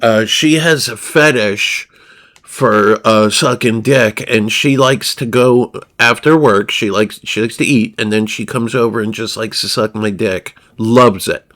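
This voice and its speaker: A man's voice: on the low side, measured pace, fairly bright tone. A man livestreaming in a crude, rambling, profane way, often laughing at himself. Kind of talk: crude casual stream chatter.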